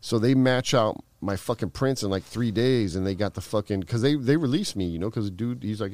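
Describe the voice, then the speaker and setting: A man's voice: fairly low pitch, fairly quick, few pauses, a little mellow, dry recording. A middle-aged man telling a long story in casual, rambling speech full of fillers and swearing. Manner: rambling, profane, heavy fillers. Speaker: guest.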